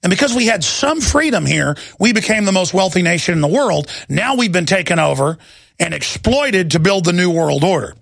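A man in his thirties hosting a talk radio show, delivering an impassioned rant into a studio microphone and breaking into shouting. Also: sits high, expressive, moderate pace, vocal fry, dry recording. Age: 30s. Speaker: radio host.

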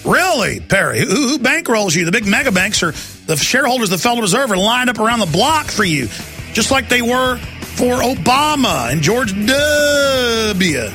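A man's voice: very high-pitched, very animated, normal speed, sharp tone, faint music behind. A man hosting a talk radio show, ranting and mocking his targets with sarcasm. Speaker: radio host.

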